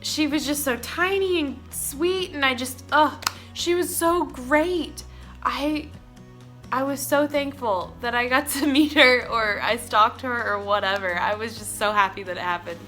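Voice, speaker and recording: A young woman from Oklahoma telling an excited, rambling story about meeting someone, laughing often. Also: sits high, unhurried, soft background music. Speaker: vlogger. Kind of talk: casual storytime vlog.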